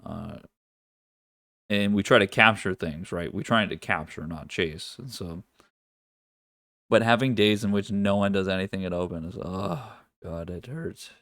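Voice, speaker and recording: On a live trading stream, a man with a fairly low voice and a dry, close sound talks through market analysis at a moderate pace with long pauses. He's casual and loose, swearing now and then and restarting sentences as he thinks aloud. His tone is a bit bright, with no room sound.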